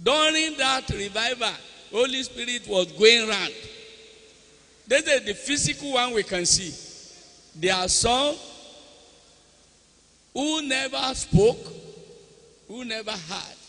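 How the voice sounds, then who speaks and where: A man's voice: very high-pitched, expressive, takes it slowly, pauses often, sharp tone. A man with a Nigerian accent, preaching with commanding calls to the congregation in a large convention hall. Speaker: pastor. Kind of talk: church service exhortation. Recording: echoey hall with long reverb.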